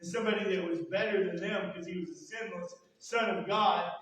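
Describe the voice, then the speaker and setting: A pastor with a fairly high voice gives a folksy, joking sermon and slips into the voices of the people he quotes. He is heard from a distance in a church sanctuary, with a strong echo hanging on every phrase. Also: steady tone, fairly quick, a bit bright. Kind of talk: conversational sermon. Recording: echoey church hall, distant mic.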